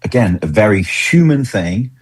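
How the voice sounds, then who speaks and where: A man with a very low, husky voice talks casually as a podcast guest. He gets animated when he acts out the things people say. The sound is close and dry. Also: normal speed, no room sound. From Britain. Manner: enthusiastic, animated when acting out quotes. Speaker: engagement consultant, podcast guest. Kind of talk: casual conversational interview.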